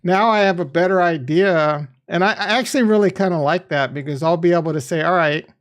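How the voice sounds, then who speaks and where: Excitable man streaming a crypto game. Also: sits high, brisk. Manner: excitable, laughs often, swears casually; rambling, thinks aloud. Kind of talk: live stream commentary.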